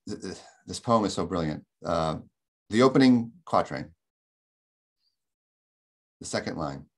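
A man with a very deep voice and a rough, gravelly edge teaches a poetry class over a webinar. He stops and restarts his phrases as he talks. When he quotes verse he drags each word out slowly. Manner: careful, slows right down to read verse aloud, often repeats words. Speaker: lecturer. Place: home or office, on a webinar. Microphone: computer microphone on a video call.

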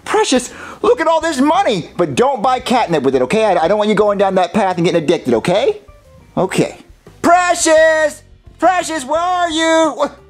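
A man voicing a naive, nervous young boy who stammers and gets excited easily. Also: high voice, a little fast, soft background music. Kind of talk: puppet comedy acting.

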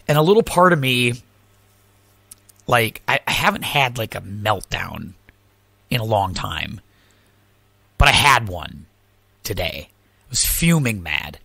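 A man hosting a casual podcast chat, telling stories with an animated, ranting delivery. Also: mid-range voice, normal speed, pauses often, dry recording, studio quality. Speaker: podcast host.

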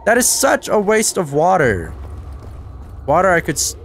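A man giving casual let's-play commentary, excitable, talking to himself and swearing, with sudden yelps of surprise. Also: sits high, a little slow, slight background noise. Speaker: gameplay commentator.

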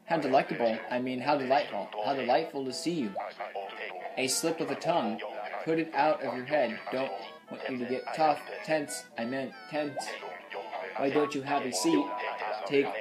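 A man reading the lines of a jittery male turkey in a video game, nervous and rambling, with loud game music behind him. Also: mid-range voice, normal speed, close to an everyday voice, rough recording. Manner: nervous, rambling, reads game dialogue aloud.

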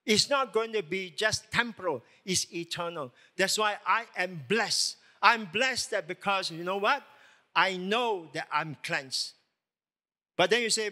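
A male pastor delivers a sermon in a high, bright voice that cuts through clearly. He leans hard on key words and keeps asking his listeners rhetorical questions. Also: measured pace. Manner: emphatic preaching with rhetorical questions. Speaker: lead pastor.

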